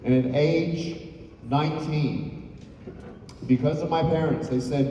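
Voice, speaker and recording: A man with a high, mellow voice tells his story to a live audience, animated and full of rhetorical questions. He sounds distant on a stage. A long hall echo and faint noise surround him. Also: slow pace, pauses often, lo-fi sound. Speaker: motivational speaker. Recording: echoey hall from far off.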